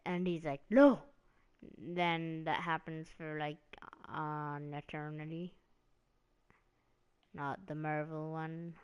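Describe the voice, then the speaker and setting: A woman's voice: low voice, level tone, takes it slowly, clear, resonant tone. A woman hosting a casual live stream about wrestling, rambling along with lots of "like" and "um" as she recaps storylines. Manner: rambling, meandering, heavy on "like" and "um".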